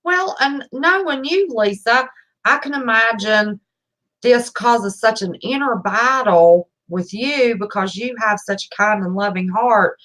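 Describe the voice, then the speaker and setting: Lady cohost, folksy n chatty, bright voice. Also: on the high side, unhurried, rough recording. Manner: folksy, chatty, addresses listeners as y'all. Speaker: co-host. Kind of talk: casual talk-show chat.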